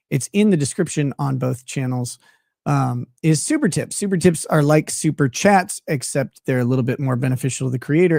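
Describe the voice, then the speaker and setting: A man's voice: on the high side, gravelly, mellow, no room sound, studio quality. Blunt, profane male livestream host. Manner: blunt, profane, laughs often. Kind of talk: casual livestream chat.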